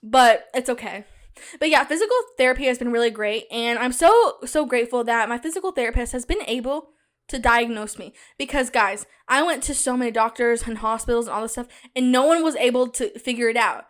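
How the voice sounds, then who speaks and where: A young woman in college hosting a casual solo podcast, talking chattily and animatedly straight to her listeners, with a loud cackling laugh. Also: a little high, fairly quick. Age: young adult. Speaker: podcast host.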